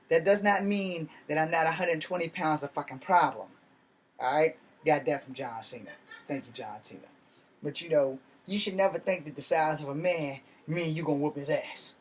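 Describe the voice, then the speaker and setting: A man ranting to camera in a blunt, combative monologue full of swearing. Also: a little high. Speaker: vlogger.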